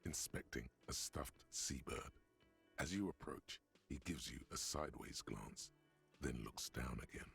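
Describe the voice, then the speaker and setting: A man voicing a wry, knowing narrator in a video game, speaking in dry, deadpan lines. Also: a bass voice, a little slow, vocal fry, exaggerated voice. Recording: game audio with faint music behind.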